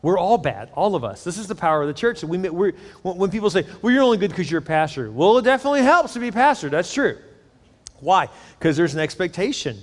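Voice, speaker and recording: A man's voice: high-pitched, big pitch swings, fairly quick. A middle-aged man preaching a sermon as a pastor, in a candid, conversational, joking manner. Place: church auditorium. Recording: echoey hall.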